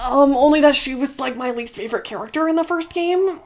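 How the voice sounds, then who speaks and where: A young woman hosting a let's play, talking in a chatty, animated way with frequent laughs and fillers. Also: high-pitched, brisk, few pauses. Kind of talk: casual gaming commentary.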